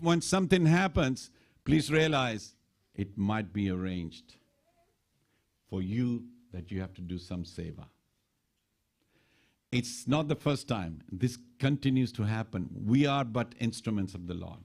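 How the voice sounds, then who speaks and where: Animated lower-voiced temple preacher, man. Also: normal speed, vocal fry. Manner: animated storytelling preacher, quoting lines with shifts in pitch. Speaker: temple speaker. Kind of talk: sermon. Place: temple hall.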